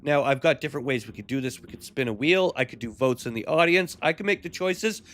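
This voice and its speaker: A man calling a wrestling match on a live stream as play-by-play commentator and streamer, crude, joking and shouty. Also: medium pitch, expressive, fast. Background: music.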